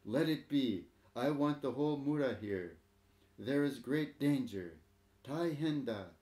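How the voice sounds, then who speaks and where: Man doing a stern old headman, urgent and commanding, gravelly, storybook reading in an echoey room. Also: on the low side, slow, darkish tone.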